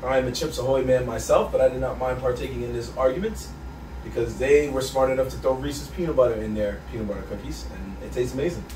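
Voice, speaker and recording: A man's voice: mid-range voice, quick pace, darkish tone, distant mic. A man hosting a casual podcast, reading a list of flavors aloud and laughing often. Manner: laid-back, reads a countdown list, laughs often. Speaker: podcast host. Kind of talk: casual chat. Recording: roomy echo, off-mic, faint noise.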